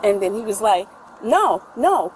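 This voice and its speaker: A woman's voice: medium pitch, big pitch swings, a little slow, slight background noise, rough recording. A middle-aged woman recounting a family fight to a police officer, talking at length and quoting what everyone said, caught on a body camera. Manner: talkative, retells quoted dialogue at length. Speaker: mother making a police report.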